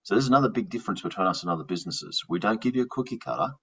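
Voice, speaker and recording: A man's voice: lowish voice, lively intonation, very fast, fairly bright tone, husky. A man with an Australian accent, hosting a podcast and chatting casually, often restarting his words. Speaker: podcast host. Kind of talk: casual interview chat. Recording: dull lo-fi sound.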